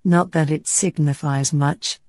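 A polite, curious young girl from a storybook, as a woman reading aloud puts her on, earnest and well-mannered. The voice is mellow and lowish, with an unhurried delivery. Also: fairly even intonation, no room sound.

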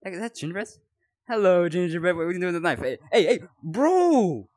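A young gaming YouTuber commentates his own horror game playthrough in a high voice with lively intonation, talking a little fast. He is jumpy and rambles while scared, yelping when startled. There is no echo on the recording.

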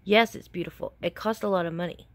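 A woman's voice: fairly low pitch, fairly even intonation, fast, no echo, close to an everyday voice. A woman reading as a firm storybook mother. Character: Mama, a careful adult mother.

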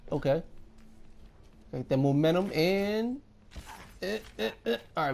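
A young man giving excitable gameplay commentary, often repeating himself. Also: fairly high pitch, a little slow, gravelly, pauses often. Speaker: gaming YouTuber.

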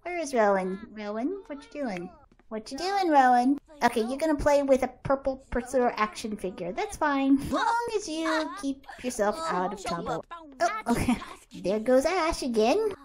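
A woman's voice: sits high, very animated, moderate pace, crowd noise. A woman giving casual gameplay commentary as host of her channel, chatty and laughing often as she talks to her game characters.

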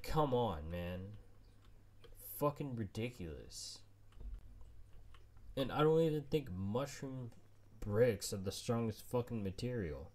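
A man's voice: fairly low pitch, a little mellow. A man streaming a survival game solo, frustrated and swearing nonstop as he plays. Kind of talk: let's play commentary.

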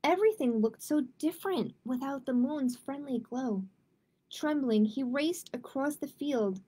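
A children's librarian reading a picture book aloud to children in a gentle, expressive way. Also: female voice, sits high, a little slow. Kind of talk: children's storytime read-aloud.

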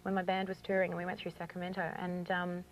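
Fast-talking Australian woman. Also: fairly low pitch, monotone, slight background noise, rough recording. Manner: chatty and eager, many "you know" fillers. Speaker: guest. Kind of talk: casual TV interview, explaining ritual objects.

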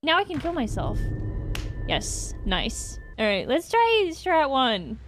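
A woman's voice: high voice, huge pitch swings, slow, soft background music. Shrieking, swearing woman streamer. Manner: swearing, sudden shrieks, talks to herself. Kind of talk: casual gaming commentary.

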